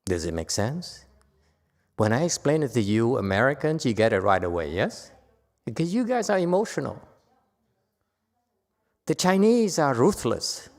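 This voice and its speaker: In a temple hall, a Buddhist teacher gives a dharma lecture, teasing his audience conversationally and putting questions to them. His medium-pitched voice is sing-song, at a moderate pace with long pauses.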